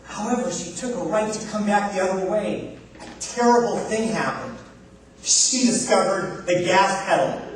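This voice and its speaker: A man delivers a humorous speech from a live stage, timing pauses before each punchline. His high voice is heard from some distance. It rings through a large, echoing hall. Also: expressive, a little hiss or hum. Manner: comic storytelling with punchline pauses. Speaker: contest speaker. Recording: echoey hall from far off.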